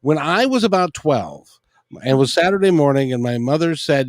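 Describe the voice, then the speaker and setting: A man's voice: on the high side, sing-song, normal speed, no echo, clean studio sound. A man hosting an interview, telling a story in a casual, good-humored way and often restarting his phrases. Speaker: interview host.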